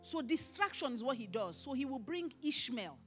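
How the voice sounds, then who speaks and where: A middle-aged woman pastor with a Nigerian accent, preaching emphatically at a conference and often raising her voice to a shout. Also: high-pitched, moderate pace, soft background music. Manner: emphatic, animated preaching with rising shouts and mimicry. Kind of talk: conference sermon. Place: conference hall.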